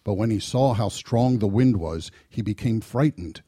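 A man reading a Gospel passage aloud in a measured, solemn way. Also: lowish voice, dark tone, breathy edge, no room sound, clean studio sound. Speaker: scripture reader.

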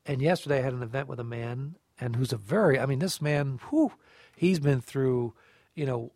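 A man co-hosting a scripture reflection, telling a personal story in a lively way and acting out the dialogue. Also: a little high, no echo, clean studio sound. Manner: animated storyteller, acts out dialogue. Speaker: co-host of a scripture reflection show. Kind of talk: conversational faith reflection.

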